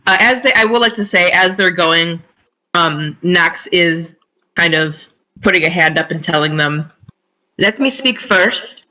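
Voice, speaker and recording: Tabletop player, casual chat, chatty, narrating actions, bright voice. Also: mid-range voice, steady tone, measured pace, low-quality recording. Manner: chatty, narrating her character's actions with laughs. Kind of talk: casual tabletop role-play.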